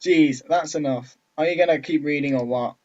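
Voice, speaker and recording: A man's voice: a little high, normal speed, a little mellow, natural voice. A man voicing a brash, touchy teenage schoolgirl in a put-on American accent, snapping and defensive as he reads a visual novel aloud. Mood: impatient. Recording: dull lo-fi recording.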